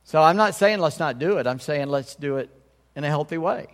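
A man's voice: fairly high pitch, animated, brisk, in a large hall. A man pastor preaching a sermon in a conversational way, often checking in with his congregation.

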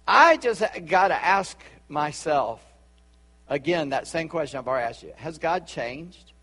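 A man with a Charleston Southern accent preaching a sermon as a pastor, chatty with asides and quick laughs. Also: a little high, expressive, fairly bright tone, long reverb tail. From Charleston, South Carolina.

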